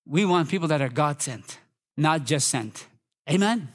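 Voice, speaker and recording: A guest pastor from Minnesota preaching a lively, fervent sermon to a congregation, leading them in call and response and rising to shouts. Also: male voice, on the high side, measured pace. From Minnesota, USA.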